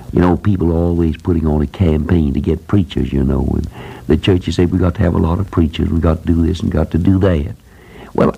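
Deep gravelly older preacher. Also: male voice, warm tone, low-quality recording. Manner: plain folksy preaching, repeats phrases for emphasis. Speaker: preacher who runs a Christian school. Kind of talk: sermon.

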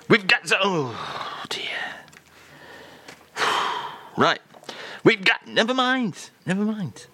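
Lively, teasing male radio host. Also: fairly high pitch. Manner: playful, teasing, quick asides. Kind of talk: comic radio banter.

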